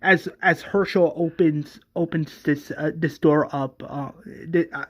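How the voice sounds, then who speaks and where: A man retelling a story scene by scene, halting and repeating words as he narrates. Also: fairly high pitch, fairly even intonation, fairly bright tone. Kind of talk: retelling a fan series scene by scene.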